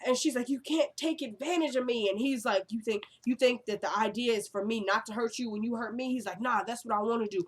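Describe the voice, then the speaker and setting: A woman's voice: a little high, a little fast, few pauses, husky. A young woman casually recapping a TV episode, retelling scenes with lots of "like" and "y'all" and acting out the characters' lines. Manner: uses fillers like "like" and "y'all".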